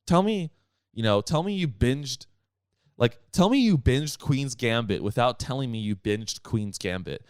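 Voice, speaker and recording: A man's voice: mid-range voice, no echo, studio quality. A young man hosting a solo comedy podcast, ranting in a rambling, profane way with many restarts. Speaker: podcast host.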